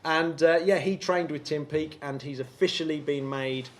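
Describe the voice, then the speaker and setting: Enthusiastic English podcast host. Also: male voice, on the high side, moderate pace. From England. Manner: chatty, laughing, enthusiastic. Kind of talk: live podcast banter on stage.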